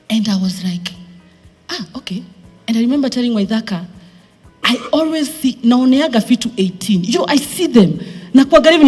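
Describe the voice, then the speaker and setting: Animated Kenyan woman telling her story in a hall. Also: on the high side, breathy edge. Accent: Kenyan English. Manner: animated, mixing in Swahili, acts out quotes. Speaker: speaker sharing her career story. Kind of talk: personal storytelling talk to a live audience.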